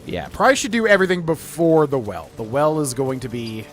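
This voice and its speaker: A man's voice: a little high, sing-song, brisk. A man streaming a role-playing game, chatting casually and reading in-game text aloud. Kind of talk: casual gameplay commentary.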